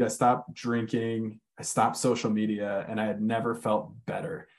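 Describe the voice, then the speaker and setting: Male guest, conversational storyteller, blunt and unpolished, slows down for weight. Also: fairly low pitch, level tone, creaky. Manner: candid, swears freely, many "like" fillers. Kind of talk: casual storytelling chat.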